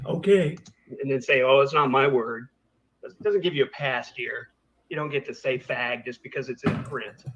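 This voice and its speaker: A man's voice: mid-range voice, normal speed, a bit bright, muffled recording. A man hosting a reaction commentary, ranting in a heated, sarcastic and profane way. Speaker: commentary channel host.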